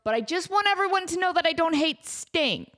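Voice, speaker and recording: A woman's voice: very high-pitched, lively intonation, fairly quick, bright, forceful tone. A woman in her thirties hosting a casual solo comedy podcast, chatty and self-deprecating, often breaking off mid-thought. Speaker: podcast host.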